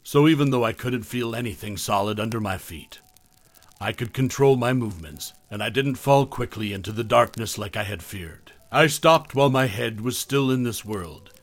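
A man's voice: mid-range voice, dry recording. Dry-voiced man narrating horror. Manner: measured, trailing off softly at phrase ends.

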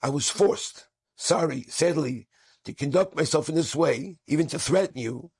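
A man voicing a gravelly, stern smuggler. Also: a little high, moderate pace, darkish tone, full character voice. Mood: tearful confiding. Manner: threatening, later choked up. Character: stern male smuggler, secretly kind.

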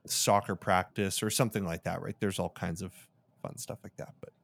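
A man co-hosting a podcast, chatting casually and upbeat, often trailing off softly at the ends of phrases. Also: sits low, fairly even intonation, fairly quick, vocal fry, no room sound. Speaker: podcast co-host. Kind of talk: casual chat.

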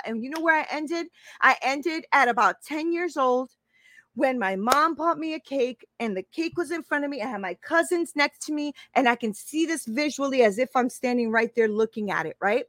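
High, bright-voiced woman in her fifties. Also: expressive, moderate pace, dry recording. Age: 50s. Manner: emphatic, repeats phrases, keeps asking "right?". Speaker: life coach hosting a live stream. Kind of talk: casual motivational live-stream talk.

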